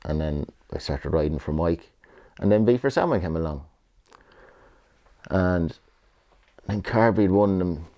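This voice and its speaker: A man's voice: low voice, animated, measured pace, long pauses, dark tone, muffled recording. A middle-aged Irish man, a retired jockey, rambling through memories in a casual interview, repeating himself and swearing freely. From Ireland.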